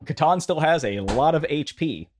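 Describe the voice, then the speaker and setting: A man playing a tabletop game, quick to argue the rules and tally his rolls aloud. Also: fairly high pitch, lively intonation, a little hiss or hum. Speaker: player.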